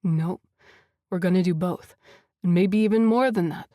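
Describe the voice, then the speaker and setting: A woman's voice: lowish voice, normal speed, dark tone, dry recording, studio quality, natural voice. Een vrouw die een zelfverzekerde rijke man speelt. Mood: assured, flirty. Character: confident wealthy man with a deep voice.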